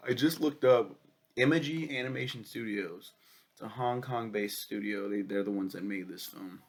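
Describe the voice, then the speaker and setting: A young man with a cold and a cough, casually reviewing a film, swearing a lot and rambling excitedly. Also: on the low side, normal speed. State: sick with a cough.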